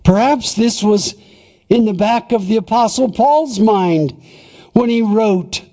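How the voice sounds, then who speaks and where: A man preaching a sermon, reading scripture and explaining it deliberately, posing and answering short rhetorical questions. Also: sits high, warm tone. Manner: deliberate, emphatic Bible exposition, repeating rhetorical questions.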